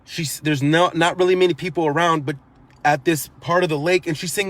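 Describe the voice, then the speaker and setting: A man's voice: on the high side, fairly even intonation, fairly quick, fairly bright tone, dry recording. A man telling in earnest what he saw, repeating himself and restarting his sentences, his account growing more urgent. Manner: earnest, repetitive, grows urgent while retelling. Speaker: eyewitness. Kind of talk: emotional first-person recounting.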